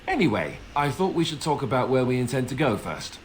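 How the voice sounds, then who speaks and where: A man's voice: medium pitch, very animated, fairly quick, slight background noise, close to an everyday voice, low-quality recording. An actor playing an earnest, self-deprecating young male warrior in a video game.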